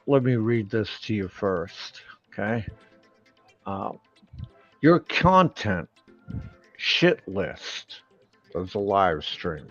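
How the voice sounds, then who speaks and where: A man on a live stream, ranting slowly and emphatically, full of profanity and mockery. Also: fairly low pitch, creaky, lo-fi sound. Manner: profane, slow and emphatic, mocking.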